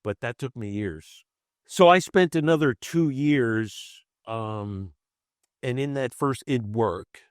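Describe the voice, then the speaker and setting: Halting, animated man telling his story. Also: mid-range voice, dry recording, clean studio sound. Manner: halting and repetitive, restarting phrases; animated, acts out quoted voices. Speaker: podcast guest. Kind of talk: personal storytelling in conversation.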